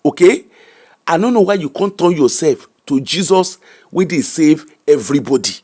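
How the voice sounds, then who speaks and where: A man's voice: a little high, lively intonation, moderate pace, darkish tone. A middle-aged Nigerian man with a Nigerian accent, hosting an emphatic, preacher-like commentary that mixes Pidgin and English. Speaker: host.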